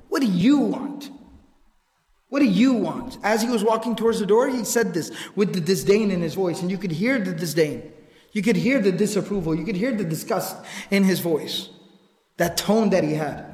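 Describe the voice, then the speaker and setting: A man delivering a sermon in a fairly high voice, retelling narrations and driving points home through repetition. He recites Arabic quotations before explaining them in English. The sound carries the long, roomy echo of a large hall. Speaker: preacher. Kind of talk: sermon storytelling. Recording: echoey hall with long reverb.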